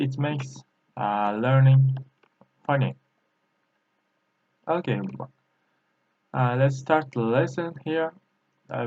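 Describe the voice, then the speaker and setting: Male Chinese tutor, Turkish native, halting non-native English, tinny laptop-mic lesson. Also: medium pitch, a little mellow. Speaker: Chinese language teacher. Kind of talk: screen-recorded language lesson.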